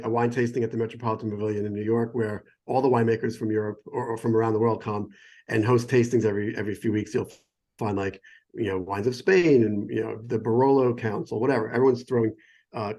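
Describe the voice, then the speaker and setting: A man's voice: medium pitch, steady tone, fairly quick, darkish tone. A middle-aged American man, a sommelier, explaining things in a casual, enthusiastic way. He often goes off on tangents and breaks off mid-sentence. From United States. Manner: enthusiastic, digressive, self-interrupting. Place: phone or remote call.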